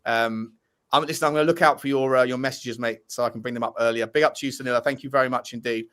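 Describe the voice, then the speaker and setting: Upbeat man reading donor shout-outs. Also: medium pitch, fairly even intonation, quick pace, clear, resonant tone. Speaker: host reading super chats. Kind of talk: casual fan podcast chat.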